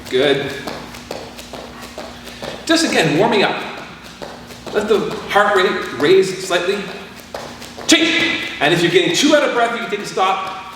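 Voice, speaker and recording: A man's voice: high-pitched, animated, measured pace, long pauses, a bit bright, distant mic, slight background noise. Man instructor calling counts in echoey hall. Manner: calls out counts and commands. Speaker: martial arts instructor. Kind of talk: leading a class warm-up. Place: training hall.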